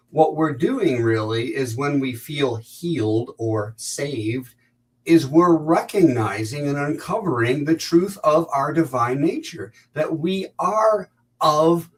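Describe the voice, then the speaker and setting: A man gives a gentle, reflective sermon in a conversational way, pausing on ums and restarting phrases. His voice is mid-pitched. He sounds set a little back from the microphone. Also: distant mic, low-quality recording. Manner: reflective, conversational with frequent fillers. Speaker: minister.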